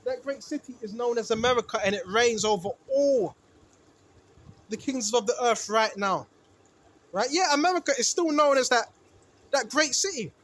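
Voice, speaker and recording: A man's voice: lively intonation, normal speed, pauses often, fairly bright tone. A man teaching from the Bible in a sermon, asking rhetorical questions and often tagging lines with "right?". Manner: preachy, asks rhetorical questions, repeats "right?"; rises in pitch and volume when emphatic. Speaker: street preacher.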